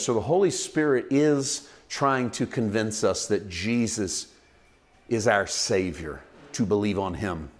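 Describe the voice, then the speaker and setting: A man pastor preaching a conversational sermon with lively acted-out asides. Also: on the low side, unhurried. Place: church.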